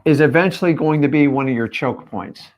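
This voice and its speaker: A man's voice: on the high side, a little fast, darkish tone. A man coaching his viewers on a live stream, talking straight at them in an emphatic, direct way. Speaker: real estate coach.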